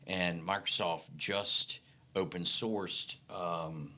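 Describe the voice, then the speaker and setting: Man, middle-aged, deep voice with a bright edge, folksy anecdotes for an interview guest spot. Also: extremely slow. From Mississippi Delta, American South. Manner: folksy, animated anecdotes with acted-out quotes. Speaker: podcast guest. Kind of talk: casual storytelling interview.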